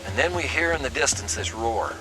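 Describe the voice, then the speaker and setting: A middle-aged caver recounts an expedition in a folksy documentary interview, acting out the lines he quotes. His mid-range voice is animated and a little fast. The rough recording has a music bed underneath.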